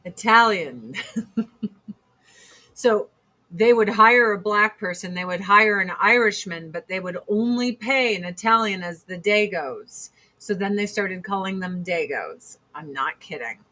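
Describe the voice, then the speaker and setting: A woman hosting a podcast, ranting in a casual, profane, heated way with sudden loud outbursts. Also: mid-range voice, a little slow. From United States. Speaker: podcast host.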